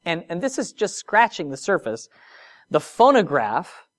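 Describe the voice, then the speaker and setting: A preacher giving a sermon, moving between soft, drawn-out phrases and emphatic rises, with conversational asides and rhetorical questions. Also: mid-range voice, very animated.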